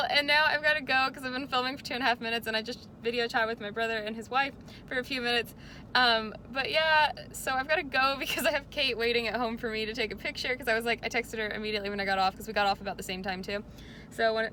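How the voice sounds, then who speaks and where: A woman's voice: a little high, steady tone, fast talker, pushed and bright, a little hiss or hum. A young woman chatting casually to camera in a vlog, bubbly and gushing, with lots of fillers. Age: young adult. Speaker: vlogger.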